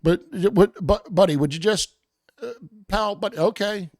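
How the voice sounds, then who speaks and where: A show host narrating a game in a joking, mock-panicked way, swearing often, stammering and repeating itself, later sliding into a gruff, bossy police-officer act. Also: mid-range voice, measured pace, darkish tone, no room sound, studio quality. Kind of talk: profane, joking gameplay commentary.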